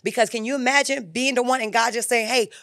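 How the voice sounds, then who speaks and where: A woman co-hosting a casual faith talk, answering with quick affirmations and retelling stories vividly. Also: fairly high pitch, steady tone, vocal fry, fairly bright tone, dry recording, clean studio sound.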